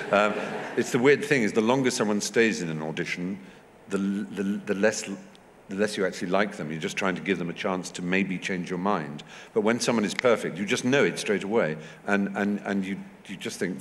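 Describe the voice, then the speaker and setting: A man from England tells anecdotes onstage in a low voice with a wide, lively pitch. He acts out the voices he quotes. His voice rings through a large hall with a long reverb and a faint hiss behind it. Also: fairly quick. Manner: fluent and animated, acting out quoted voices. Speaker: festival guest. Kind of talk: onstage conversation, anecdotal storytelling. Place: festival stage in a large hall or tent.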